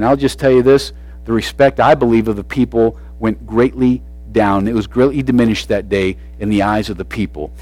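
A man preaching a sermon in an animated way, swinging between loud and soft with frequent restarts. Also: mid-range voice, no room sound, rough recording.

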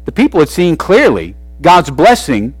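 A man preaching a sermon in an animated way, swinging between loud and soft with frequent restarts. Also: a little high, moderate pace, breathy edge, dry recording, rough recording.

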